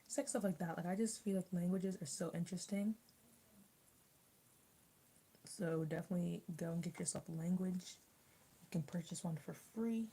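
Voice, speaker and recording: In a casual mukbang chat, a young adult woman speaks fairly fast with a low, dark voice. Her talk rambles with frequent restarts and fillers like "like," captured in a rough recording with a little background noise.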